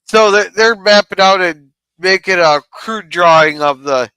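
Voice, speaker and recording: A man's voice: sits high, a little slow, sharp tone, clear, resonant tone, no echo. A man co-hosting a casual show recap, talking loosely and swearing now and then. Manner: loose, swearing, bursts into singing. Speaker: podcast co-host recapping an episode. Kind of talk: casual chat.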